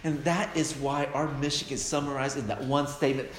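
A man's voice: medium pitch, fairly even intonation, normal speed, few pauses. A male pastor preaching a sermon with emphatic, repeated refrains, recorded in a church hall. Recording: echoey hall with long reverb, faint noise.

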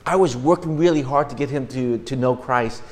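A middle-aged man preaching a sermon to a congregation, earnest, often repeating and restarting words, rising now and then to loud, emphatic bursts. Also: medium pitch, normal speed, long reverb tail. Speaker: pastor.

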